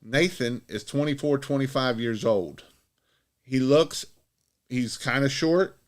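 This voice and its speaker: Speaking slowly at medium pitch, the same kind of Christmas light business owner gives rambling, repetitive business tips on a live stream. Fillers and restarts abound as he earnestly cheers his audience on.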